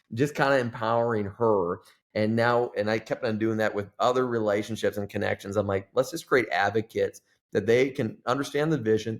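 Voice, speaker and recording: A man's voice: on the low side, gravelly. A middle-aged man, a pastor, telling a story as a podcast guest and acting out the dialogue in it. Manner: animated storyteller who acts out dialogue.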